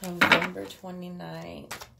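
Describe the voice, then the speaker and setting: A woman's voice: lowish voice, sing-song, slow, vocal fry, very noisy. A woman giving a casual daily tarot reading, chatty and offhand, with frequent fillers. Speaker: tarot card reader.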